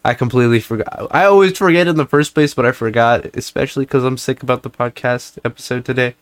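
A man's voice: medium pitch, fast talker, smooth, no room sound. A young man co-hosting a casual podcast while sick, coughing and sniffling, talking in a rambling, playful way. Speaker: podcast co-host. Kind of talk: casual chat.

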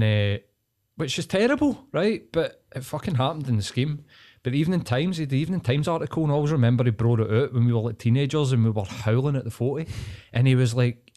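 A man holds forth on a casual podcast, swearing freely as he rants. He lets his pauses drag out between thoughts. His voice sits at an ordinary pitch for a man. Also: dark tone. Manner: sweary, ranting, drawn-out pauses. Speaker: podcast host.

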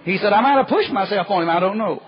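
A man preaching a folksy storytelling sermon, acting out the quoted voices and dropping to a hush at times. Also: high voice, lively intonation, fast, a little hiss or hum. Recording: muffled lo-fi recording.

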